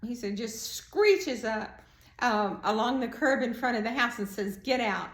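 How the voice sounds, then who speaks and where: Animated woman telling a story, echoey room. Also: measured pace. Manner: animated, acts out quotes with raised pitch. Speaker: prison art teacher. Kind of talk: personal storytelling.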